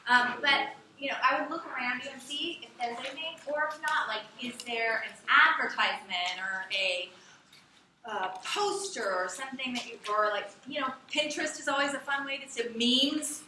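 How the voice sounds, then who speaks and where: A woman teaching a class, talking in a chatty, animated way and often asking the students questions. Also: high voice, moderate pace. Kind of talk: classroom lecture. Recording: echoey classroom from far off, with background noise.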